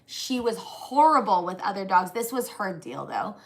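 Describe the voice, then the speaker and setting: A woman from northern Canada co-hosting a casual homestead live stream, animated and laughing often with big swings in pitch. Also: moderate pace. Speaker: co-host, homesteader wife.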